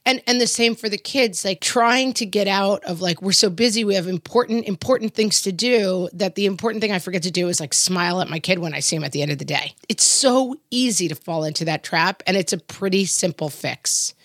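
A woman's voice: mid-range voice, a little fast, few pauses, no echo, studio quality. A middle-aged woman co-hosting a casual talk, telling stories and acting out the voices of people she quotes. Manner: animated storyteller, acts out quoted voices. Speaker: podcast co-host. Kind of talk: casual conversation.

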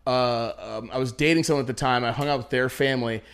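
A man chatting on a podcast with his buddies, swearing freely and telling stories with lots of energy. His voice sits at an ordinary middle pitch. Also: fast talker, vocal fry, smooth. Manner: loose, profane, animated storytelling. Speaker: podcast host. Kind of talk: casual chat.

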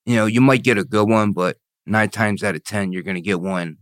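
A man's voice: fairly low pitch, a little fast, clear, resonant tone, no echo, clean studio sound. A man telling his own story in an interview, blunt and profane, often asking "you know what I mean". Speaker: interview guest.

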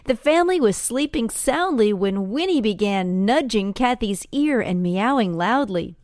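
A woman reporter reading a scripted news item in an even, read-aloud way. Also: a little high, unhurried, no echo, studio quality.

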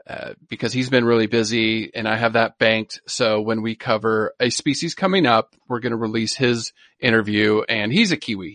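A man's voice: medium pitch, a bit bright, no echo. A man in his thirties co-hosting a podcast in casual chat, enthusiastic and repeating words for emphasis. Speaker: podcast co-host.

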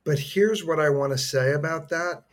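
Animated man telling a story. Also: a little high, moderate pace. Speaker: actor guest. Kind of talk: casual storytelling.

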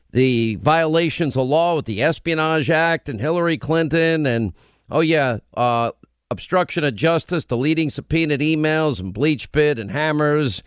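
A man's voice: fairly high pitch, smooth, no echo, clean studio sound. A man hosting a political talk radio show, with a combative, run-on delivery. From United States.

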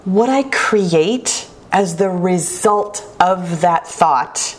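A woman talks on her own in an earnest, self-reflective way. Her voice sits a little low, and she takes her time over each phrase. Now and then she breaks into lively asides to her listeners. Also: drawn-out words. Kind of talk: reflective solo podcast talk.

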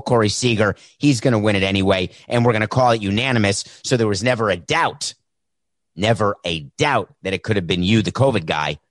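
A steady male security official, acted by a man in a comic bit, speaks in a measured, businesslike tone. He sounds unbothered and official. The sound is dry and close-miked. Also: lowish voice, no room sound, natural voice. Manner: measured, matter-of-fact. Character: calm male stadium security official, flat and official.

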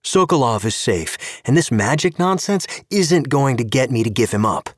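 A man playing a gruff, cynical male spymaster in an audio story, snappish and sarcastic. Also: mid-range voice, very animated, moderate pace, no room sound, studio quality, pitched above the performer's own voice.

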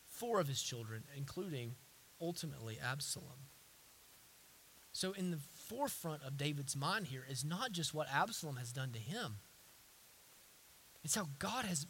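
A man preaching a sermon, swinging from hushed, intimate lines to forceful repeated declarations, with frequent restarts. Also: a little high, very animated, measured pace, long pauses, breathy edge. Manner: hesitant restarts and stammers. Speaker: pastor.

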